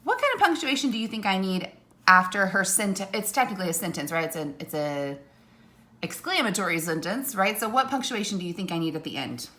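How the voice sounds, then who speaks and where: Bright-voiced woman teaching a class. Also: mid-range voice, expressive, brisk. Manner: patient, explains step by step, checks in with "okay?" and "right?". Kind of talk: recorded video lesson for young students.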